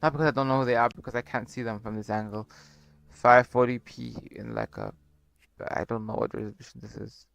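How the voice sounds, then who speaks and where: A young man commentating a football video game on a borrowed microphone, with excitable play-by-play and rambling asides. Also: medium pitch, a little fast, gravelly, no echo. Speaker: gaming YouTuber. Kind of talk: casual gameplay commentary. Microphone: borrowed cheap microphone.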